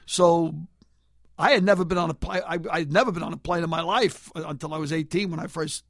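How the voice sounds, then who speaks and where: A man's voice: on the high side, brisk, fairly bright tone, no room sound, studio quality. A man in his sixties with a Bronx accent, telling his life story as a guest in a casual interview, streetwise and blunt. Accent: Bronx New York. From Bronx, New York. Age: 60s.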